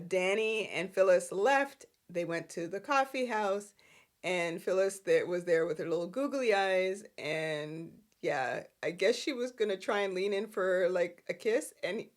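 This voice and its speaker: A woman's voice: mid-range voice, slow pace. A woman hosting a soap opera recap, chatting casually, laughing often and acting out the characters' lines. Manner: animated, laughs a lot, acts out characters' lines.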